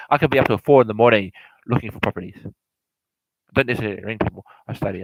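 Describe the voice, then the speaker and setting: A man's voice: lowish voice, very fast, vocal fry, background noise. A man giving a casual, rambling explanation of investing, repeating himself, stumbling over words and laughing now and then. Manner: repetitive, stumbling, laughs often. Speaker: real estate explainer.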